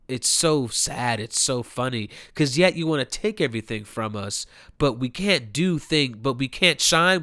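A man's voice: mid-range voice, bright, forceful tone, clear, resonant tone, dry recording. Heated, ranting young man, dry close sound. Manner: heated, mocking, emphatic with repeated phrases. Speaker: commentary host. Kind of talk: profane ranting commentary.

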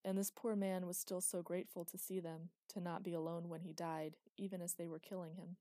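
Woman reading a soft sad god guy, flat low voice, mellow. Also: a little fast, no echo, lightly acted. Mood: sad, tender. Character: gentle, sorrowful male death god.

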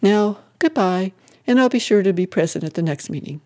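A lively, good-natured widow chirrups through her lines, as a reader puts her on. Her voice sits a little higher than the telling, mellow and soft-edged. She teases with easy warmth in an old-time storybook. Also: fairly quick, natural voice. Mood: cheerful. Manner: chirpy and teasing.

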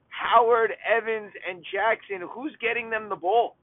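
A man giving blunt, opinionated football betting picks in a rapid-fire monologue, with exasperated outbursts. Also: high-pitched, fairly even intonation, no echo. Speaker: sports betting pundit. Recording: tinny phone-like line.

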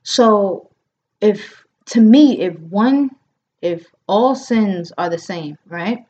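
A woman in her 30s hosts a podcast, chatting casually and telling a story with a medium-pitched voice and drawn-out words. She's animated, acts out the quotes, and uses lots of fillers. The audio is dull and lo-fi.

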